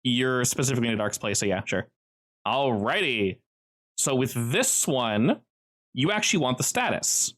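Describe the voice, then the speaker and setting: A man narrates a tabletop role-playing session as game master. He explains the rules patiently and laughs often. His pitch swings widely. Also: expressive, moderate pace, fairly bright tone.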